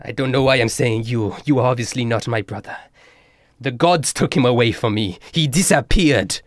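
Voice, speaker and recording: A man voicing a frail old male nature priest with a French accent, halting and fearful. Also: mid-range voice, no room sound, natural voice. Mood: anguished.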